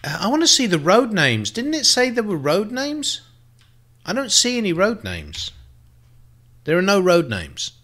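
A man's voice: sits high, huge pitch swings, a little slow, pushed and bright. A man giving casual gameplay commentary, thinking aloud and swearing freely as he plays. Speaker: let's play host.

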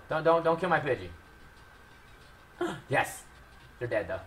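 A young man commentating his own gameplay with heavy swearing, shifting from low mutters to loud outbursts. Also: big pitch swings, measured pace, long pauses. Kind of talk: Let's Play commentary.

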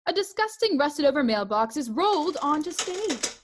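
A woman reading stage directions aloud for a comedic play, in a brisk, matter-of-fact way. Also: sits high, very animated, noisy background.

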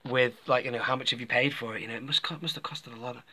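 Male collector-reviewer, bright forceful tone, loose rambling chat to viewers. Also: medium pitch, steady tone, racing. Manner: rambling, chatty, addresses viewers as folks. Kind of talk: casual toy review.

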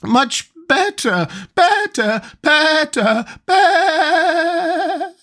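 White Queen, a squeaky fussy old queen, put on by a male narrator. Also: animated, a bit bright, full character voice. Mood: triumphant. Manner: high, quavering and slow, rising to a squeak. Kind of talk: audiobook character voice.

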